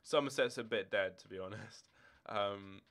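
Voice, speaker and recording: An eighteen-year-old Scotsman speaks at normal speed in a fairly low, slightly bright voice. He chats in a rambling, casual way on a game live stream, answering viewer questions from his room at home, where football shirts and drawers sit.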